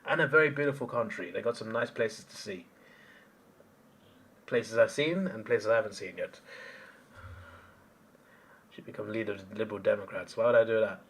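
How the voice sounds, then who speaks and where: A man's voice: on the low side, moderate pace, a bit bright, breathy edge. A man hosting a live stream, chatting casually and answering chat comments as he rambles.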